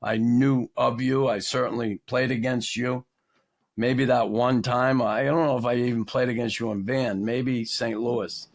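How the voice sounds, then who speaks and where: Gravelly man hosting. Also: mid-range voice, steady tone, measured pace. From Boston area. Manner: blunt, profane, rambling. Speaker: podcast host. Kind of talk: casual chat.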